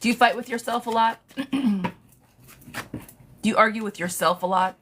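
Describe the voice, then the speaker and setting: A woman's voice: fairly high pitch, moderate pace, a bit bright, slight background noise. A young woman reading tarot on a live stream, casual and sassy, who laughs often and swears freely.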